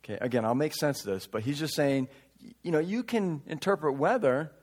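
Reading scripture and dropping casual asides, a pastor preaches at a brisk pace in a slightly high, expressive voice. He moves back and forth between emphatic, loud lines and soft-spoken remarks.

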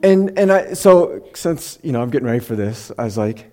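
A middle-aged man preaching a casual, heartfelt sermon to his congregation. His voice moves up and down a lot, and he slows down to read passages aloud. He talks like he is chatting, and now and then he gets emotional. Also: mid-range voice, lively intonation, a little mellow. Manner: conversational, often gets emotional. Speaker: pastor.

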